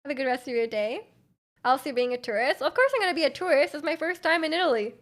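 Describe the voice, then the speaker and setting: A woman's voice: high-pitched, fast talker, a bit bright. A young Canadian woman streaming casual chat. She is giggly and filler-heavy, and her mouth is dry from hours of talking. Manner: chatty, giggly, lots of fillers.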